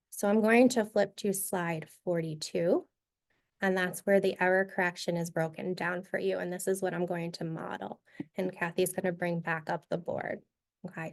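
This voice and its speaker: A woman presenting a teacher-training session, modeling a reading activity step by step in a clear, instructive way. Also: mid-range voice.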